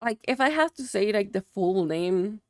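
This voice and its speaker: A woman's voice: medium pitch, expressive, moderate pace, dry recording, clean studio sound. A young woman, a Spanish native speaker, chatting casually with her livestream viewers and filling her sentences with "like". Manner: chatty, many "like" fillers, answering chat.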